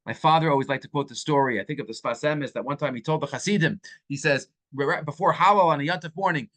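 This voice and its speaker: A man's voice: quick pace, hardly any pauses. A man teaching a Torah class as a rabbi. He speaks animatedly and sprinkles Hebrew and Yiddish terms into his English. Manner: animated, acts out quoted speakers with swings in pitch.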